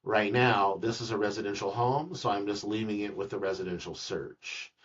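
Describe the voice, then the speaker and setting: A man's voice: lowish voice, fairly even intonation, moderate pace. A man, a real estate agent, walks a colleague through a screen-recorded tutorial in a chatty, joking way, repeating words as he goes. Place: office room with a colleague. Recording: dull, distant screen-recording audio.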